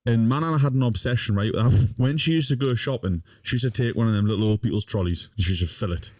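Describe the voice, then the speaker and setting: A young man spins a rowdy story for a podcast, swearing freely and breaking into laughter along the way. His voice sits at a middling pitch and sounds close and dry, with no room echo. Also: fast talker. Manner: swears constantly, lively and laughing as he tells it. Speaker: podcast guest. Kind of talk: casual storytelling chat.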